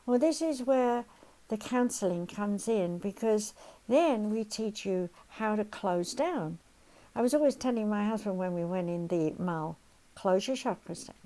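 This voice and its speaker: A woman's voice: medium pitch, measured pace, rough recording. An older woman giving a spoken lesson as a counselor, leading listeners step by step through exercises and acting out everyday worries along the way. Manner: animated, acts out everyday worries, gives step-by-step instructions. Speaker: counselor and teacher.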